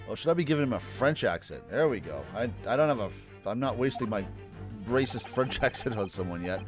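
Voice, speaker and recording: A man's voice: lowish voice, very animated, fast talker. A man streaming a game, joking in self-mocking asides while reading the text aloud. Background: game music.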